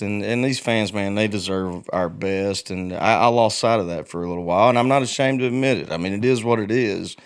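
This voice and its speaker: A man in his forties speaks as a guest in a casual conversation, open and quick to poke fun at himself. His voice is smooth and resonant, and it sits on the lower side. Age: 40s. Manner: frank and self-deprecating, laughs easily. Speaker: guest musician.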